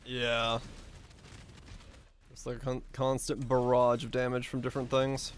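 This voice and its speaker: A man with a hoarse, raspy voice chatting offhandedly and joking while streaming a game. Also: mid-range voice, flat delivery, measured pace, slight background noise. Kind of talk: casual gaming stream chat.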